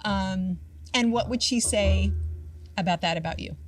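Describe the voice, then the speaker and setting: A woman's voice: mid-range voice, a little slow, slight background noise. A middle-aged woman hosting a podcast, asking long, rambling, encouraging questions. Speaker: podcast host. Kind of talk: interview.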